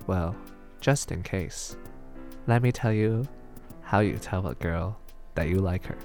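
A man voicing his older father, an earnest dad giving fatherly advice in a calm, soft way. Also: sits low, measured pace, soft background music.

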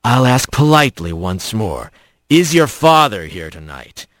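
A man doing a gruff, rumbling hawk sergeant. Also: big pitch swings, normal speed, fairly bright tone, dry recording. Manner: low rumbling, curt and dry. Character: gruff male hawk police sergeant, stern.

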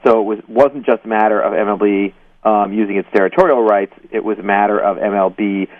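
A man being interviewed, speaking haltingly with many ums and you-knows and hedging as he explains. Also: fairly low pitch, fairly even intonation, no room sound. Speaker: guest journalist. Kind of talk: phone-in interview. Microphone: phone. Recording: tinny distant phone line.

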